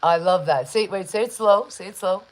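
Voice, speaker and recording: A woman hosting a live online interview, chatty and enthusiastic, with many shout-outs. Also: medium pitch, normal speed, low-quality recording. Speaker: interview host.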